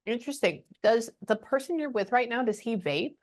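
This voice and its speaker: A middle-aged woman working as a spiritual medium, giving a casual reading on a video call, animated and chatty, acting out what she hears and dropping to murmurs. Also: fairly high pitch, a little fast. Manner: animated, acts out spirit dialogue, drops to murmurs; swearing, chatty, laughs often.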